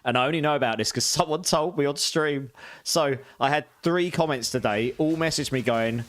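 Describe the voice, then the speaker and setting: A man's voice: fairly high pitch, normal speed. A man with a British accent, giving chatty, casual gameplay commentary and laughing often while talking to his chat. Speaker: game streamer.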